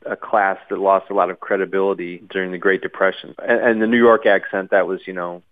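A low-voiced man speaks down a tinny phone line, narrow and thin. He is an author answering interview questions, thinking aloud and restarting phrases often. He sounds explanatory and unhurried. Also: flat delivery. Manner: thoughtful, many restarts and you-knows.

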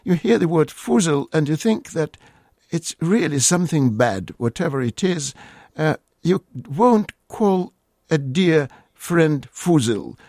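Guy linguist on call-in radio, lots of uhs, slightly high voice, dry sound. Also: lively intonation, takes it slowly, darkish tone, no room sound. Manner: hesitant, many uh fillers, lecturing. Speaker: guest linguist.

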